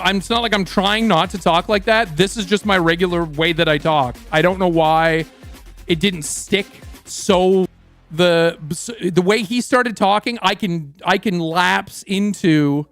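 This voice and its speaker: High-voiced Canadian man swearing casually. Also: unhurried, a bit bright, no room sound, soft background music. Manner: profane, rambling storyteller. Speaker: streamer. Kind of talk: casual stream chat.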